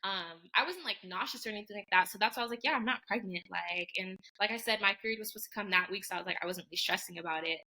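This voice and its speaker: A young woman in her twenties talks through a personal story as a podcast guest. She rattles along quickly and keeps dropping "like" into every sentence. Her voice is bright and forward. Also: medium pitch, rough recording. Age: 20s. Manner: animated, heavy use of "like", acts out quoted voices. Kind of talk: casual storytelling chat.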